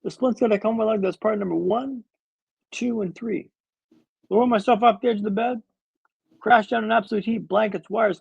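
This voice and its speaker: A man's voice: high-pitched, gravelly, slightly rough, dry recording, low-quality recording. A man in his thirties telling a story as a podcast guest, dramatic and wry with comic timing. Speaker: guest speaker.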